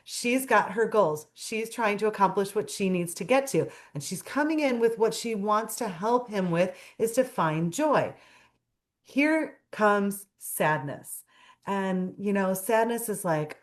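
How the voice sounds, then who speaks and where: A woman guest in a casual talk show, telling a story with lively, expressive delivery. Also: medium pitch, unhurried. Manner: animated storyteller, acts out characters' lines. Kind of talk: casual chat.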